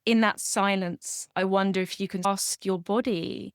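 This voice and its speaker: A woman guest speaking as a coach, with a soft, soothing manner and steady reassurances. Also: mid-range voice, a little slow, smooth, no room sound, studio quality. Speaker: sober coach, podcast guest. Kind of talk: gentle coaching talk.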